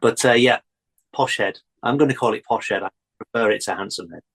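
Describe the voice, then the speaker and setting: A man, a guest on a chat show, telling childhood stories in an animated way and laughing often. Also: fairly low pitch, a little fast, slightly rough, low-quality recording. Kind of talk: casual chat.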